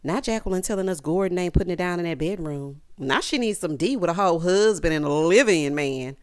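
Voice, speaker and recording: A woman giving a casual, sassy recap of a reality show, with animated asides to the viewer. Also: fairly low pitch, a little fast, few pauses, slight background noise.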